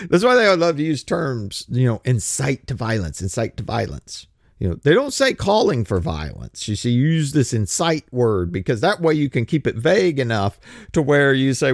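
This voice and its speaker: A man riffs in sarcastic, casual commentary, his voice full of gravelly fry. His pitch swings widely as he fires off rhetorical questions and trips into restarts. The sound is dry and close. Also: no echo. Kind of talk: casual political commentary chat.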